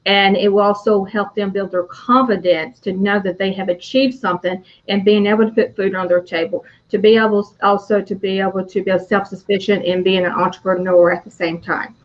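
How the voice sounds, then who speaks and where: A woman guest answers questions in a flat, even voice, filling pauses with "uh" and "you know". Her audio is dull and lo-fi, like a remote call. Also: mid-range voice. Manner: steady, with many fillers. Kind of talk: interview answer.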